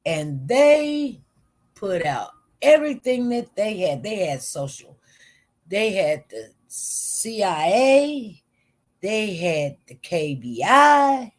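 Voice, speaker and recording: Woman, high voice, emphatic, repetitive, casual news commentary.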